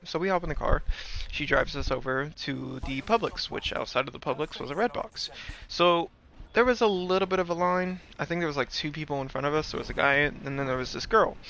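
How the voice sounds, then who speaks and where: Man telling a story, raised pitch. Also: fairly quick, pushed and bright, slight background noise. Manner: rambling, profane, filler-heavy. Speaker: streamer. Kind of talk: casual storytelling.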